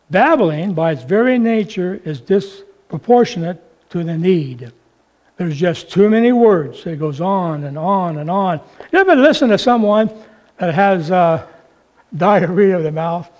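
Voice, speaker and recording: A man preaching a sermon, with slow, emphatic, drawn-out phrasing. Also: high voice, a little mellow.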